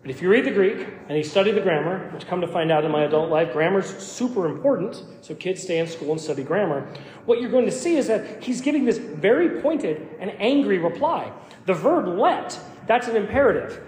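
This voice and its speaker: A man's voice: high voice, big pitch swings, fairly quick, darkish tone. A man preaching a sermon as pastor, emphatic and given to repeating words as he starts phrases. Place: church sanctuary. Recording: echoey church hall.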